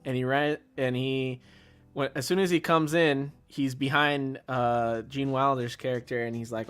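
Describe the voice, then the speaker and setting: A man's voice: mid-range voice, fairly even intonation, normal speed, a bit bright, smooth. A man in casual chat, retelling a movie's plot and acting out lines with a raised voice. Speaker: podcast co-host.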